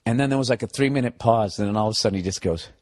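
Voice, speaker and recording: A man's voice: lowish voice, racing. A man, telling a profane comic story as a podcast host and acting out other people's lines. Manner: animated, swearing, acts out other people's lines, laughs. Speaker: comedian on his podcast. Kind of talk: profane comedic storytelling rant.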